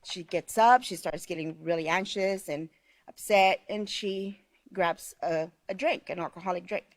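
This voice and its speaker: A woman's voice: fairly low pitch, normal speed, no echo. A woman leading a teacher training class, talking conversationally and often checking in with "okay?" while she tells stories. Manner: conversational, frequent "okay?" check-ins, storytelling. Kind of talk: live online class instruction.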